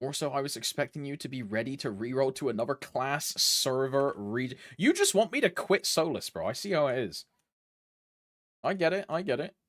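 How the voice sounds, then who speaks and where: A young man from Britain talks casually to his stream chat, rambling from one thought to the next and humming softly between lines. His pitch swings widely up and down. The sound is dry and close, with no room echo. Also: animated, moderate pace. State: allergies flaring up.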